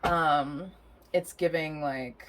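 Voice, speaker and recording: A woman's voice: low voice, steady tone, extremely slow, noisy background. A young adult woman giving a casual tarot reading, rambling and chatty, laughing often and swearing freely. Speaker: tarot reader.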